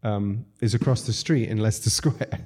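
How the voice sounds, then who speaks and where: Laughing, mellow-voiced male storyteller. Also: lowish voice, normal speed, breathy edge. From Zambia. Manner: animated anecdotes, laughing often, acts out quotes. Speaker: restaurateur guest. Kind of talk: casual storytelling chat.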